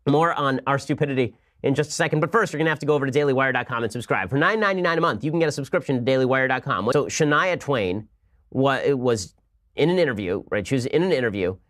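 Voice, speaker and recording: A man hosting a political commentary show, arguing in a sarcastic, rapid-fire way. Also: mid-range voice, fairly bright tone. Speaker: podcast host.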